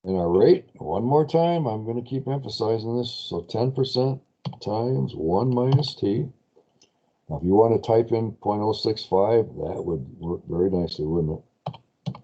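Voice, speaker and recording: Low-voiced man teaching finance. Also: expressive, a little slow, warm tone, dull audio. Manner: chatty, self-correcting, asks class questions. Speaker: finance lecturer. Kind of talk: live spreadsheet lecture.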